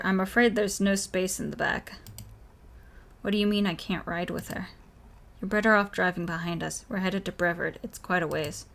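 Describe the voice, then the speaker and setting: A woman's voice: mid-range voice, vocal fry. Woman streamer reading a horror game aloud. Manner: reads all characters in her own voice, reacting between lines. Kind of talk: reading game dialogue aloud with own reactions.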